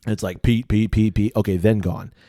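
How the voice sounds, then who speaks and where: A man's voice: fairly low pitch, steady tone, moderate pace, mellow, dry recording, studio quality. A man co-hosting a podcast, chatting casually at a whiskey tasting, laughing often and thinking aloud. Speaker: podcast co-host.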